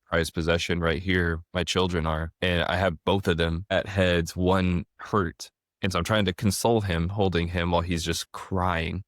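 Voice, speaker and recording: A deep-voiced man in his thirties hosts a podcast conversation. He tells animated stories and often restarts his sentences. His voice sounds close and dry, with no room echo. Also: moderate pace. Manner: animated storyteller, frequent restarts. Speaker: podcast host. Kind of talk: casual conversation.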